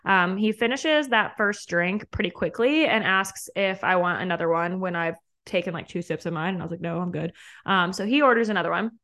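A woman's voice: on the low side, a little fast, few pauses, pushed and bright. Young woman podcaster, chatty storytelling, laughs a lot, acts out the quotes. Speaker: podcast host. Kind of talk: casual storytelling.

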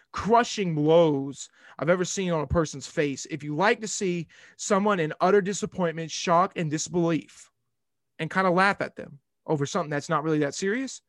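A young man hosting a sports podcast, telling a rambling, animated story in casual talk. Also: a little high, no room sound, studio quality.

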